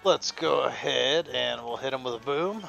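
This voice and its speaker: A man's voice: mid-range voice, normal speed, vocal fry, muffled recording, over music. A man casually commenting as he plays a video game, thinking aloud and reading the on-screen text. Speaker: gameplay host. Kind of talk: casual let's-play commentary.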